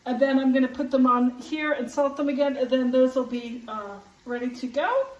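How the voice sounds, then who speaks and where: A woman's voice: high-pitched, normal speed, far from the mic. A woman chatting casually in a home cooking vlog, rambling and candid as she tastes and critiques her own food in her kitchen. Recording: roomy kitchen, voice off-mic.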